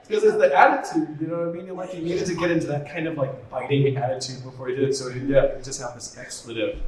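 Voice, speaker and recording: A man on a convention panel, casually telling animated, laughing stories about making a show and acting out what people said. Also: fairly high pitch, fast, over a noisy crowd. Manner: animated, laughing storyteller who acts out quotes. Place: large convention hall. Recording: echoey hall from far off with noise.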